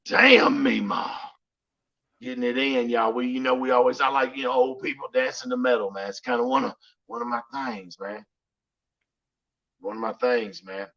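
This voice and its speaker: A man with a Southern accent hosts a casual livestream, talking loosely and profanely and sprinkling in "you know what I'm saying." His mid-range voice is creaky, pushed, and bright, with a steady tone at normal speed, and the stream audio is muffled and lo-fi.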